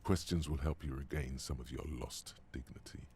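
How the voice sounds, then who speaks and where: An actor voicing the hero's inner voice in a video game, giving dry, wry narration. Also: male voice, extremely low pitch, steady tone, moderate pace, a little mellow, slight background noise. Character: the inner voice of the hero's mind, male, deep.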